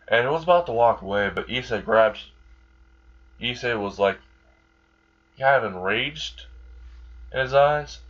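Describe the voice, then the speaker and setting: A man rambling through a casual fan story, swearing freely and chuckling at his own jokes. His voice sits on the low side, and the recording is dull and lo-fi. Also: moderate pace, long pauses, a bit bright. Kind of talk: casual fan-fiction narration.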